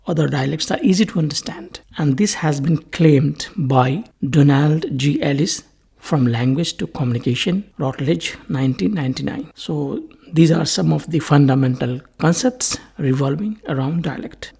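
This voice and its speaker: Male lecturer, gravelly husky voice, patient and repetitive, teaching a recorded lesson. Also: a little high, darkish tone. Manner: slow, repetitive explaining, restating each point several ways. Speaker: linguistics lecturer.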